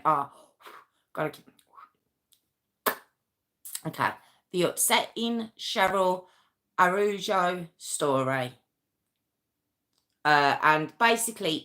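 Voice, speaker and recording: A woman's voice: fairly low pitch, fairly bright tone. A woman hosting a true crime live stream, chatting casually and rambling, often breaking off mid-sentence and answering her viewers. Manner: rambling, chatty, self-interrupting; talks straight to viewers, reacting to chat.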